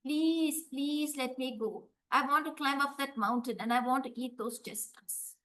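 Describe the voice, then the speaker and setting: A woman's voice: high voice, a little slow, fairly bright tone. An eager little boy , voiced by a woman storyteller, begging in a raised, pleading voice. He sounds small and hopeful. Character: eager little boy who loves chestnuts.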